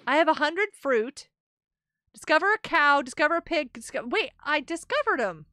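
This young woman's voice sits high and sounds animated, pushed and bright, moving at a moderate pace in a dry recording. She's live-streaming a game, bubbly and exclamatory, laughing a lot and chatting with viewers while she plays.

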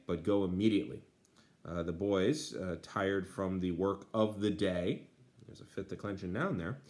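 Man teacher, translating a text aloud, lots of fillers, low voice. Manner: many uh fillers, dry asides. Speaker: Latin teacher.

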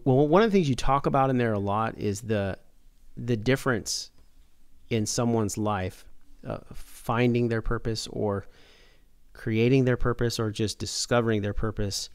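A man's voice: lowish voice, clean tone, dry recording, studio quality. A man hosting a podcast in a casual, thoughtful way, rambling a little and restarting his sentences. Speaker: podcast host.

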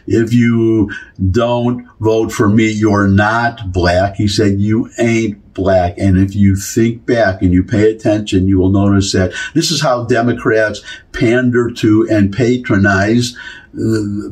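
A man's voice: on the low side, a little mellow. A man with a Midwestern accent from Michigan, talking through a casual commentary monologue with many restarts and asides. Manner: rambling, many restarts and asides, emphatic repetition. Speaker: political commentary host.

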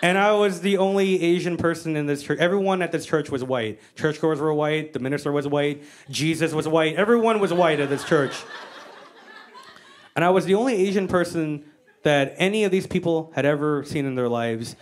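A woman from the United States does stand-up in front of a live crowd, brash, foul-mouthed and quick to mock herself. She speaks at a moderate pace in a deep voice.

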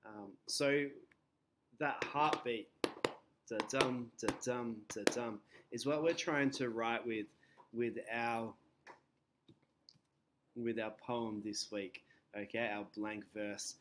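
A man's voice: medium pitch, fairly even intonation, slow, long pauses, background noise. A male teacher talking casually through a lesson, hesitant and full of fillers.

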